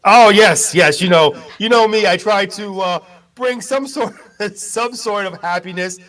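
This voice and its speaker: A man who reads the news on a radio show, joking around in a self-deprecating, animated way. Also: high-pitched, a little slow. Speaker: news reporter. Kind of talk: casual radio chat.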